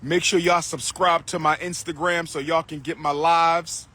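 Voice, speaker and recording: Loud, bright-voiced man livestreaming outdoors. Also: on the high side, level tone, moderate pace. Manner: loud, repetitive, declaiming. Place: outdoors on a street. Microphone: phone.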